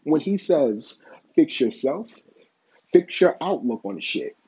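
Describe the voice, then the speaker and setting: Male commentator, mellow and a bit raspy, swearing freely while speaking his mind, on a dull lo-fi mic. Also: on the high side, very animated, slow. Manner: blunt, profane, opinionated. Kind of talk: casual opinion commentary.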